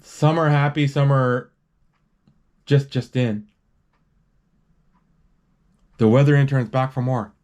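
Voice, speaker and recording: A man casually retelling a movie scene by scene, rambling with restarts and quick acted quotes. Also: mid-range voice, steady tone, darkish tone, muffled recording.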